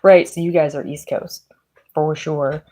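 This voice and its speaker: A woman's voice: low-pitched, fairly even intonation, measured pace, dark tone, rough recording. A woman with a Midwestern accent giving a casual, rambling tarot reading, chatty, laughing often and using lots of fillers. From Pennsylvania. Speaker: tarot reader.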